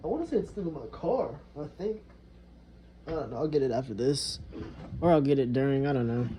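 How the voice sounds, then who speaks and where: A man's voice: medium pitch, animated, brisk, dark tone, a little hiss or hum, poor audio. A young man venting in a rambling, frustrated way, swearing heavily as he talks to the camera. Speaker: vlogger. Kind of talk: casual venting monologue.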